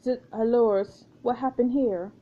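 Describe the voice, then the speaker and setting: A woman's voice: on the high side, fairly even intonation, measured pace, narrow, tinny audio. A woman voicing a swaggering, confident French pirate woman with a put-on French accent. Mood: brash. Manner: theatrical, sly and confident.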